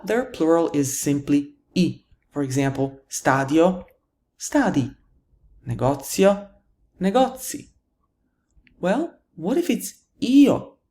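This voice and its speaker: A woman's voice: on the low side, mellow. A woman teaching a grammar lesson, patiently explaining rules and answering her own questions. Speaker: Italian teacher.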